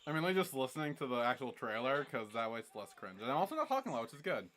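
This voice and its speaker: A man in his twenties streaming a reaction, excitable and laughing, swearing often. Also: mid-range voice, fast talker. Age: 20s. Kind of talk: livestream reaction commentary.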